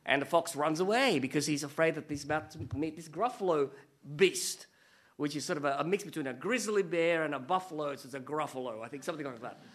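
A middle-aged man preaching a sermon as pastor, animated and storytelling, with joking asides. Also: on the high side, quick pace.

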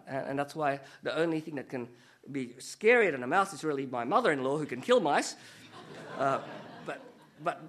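High-voiced preacher telling stories. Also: male voice. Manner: animated storytelling with joking asides. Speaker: pastor. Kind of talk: sermon.

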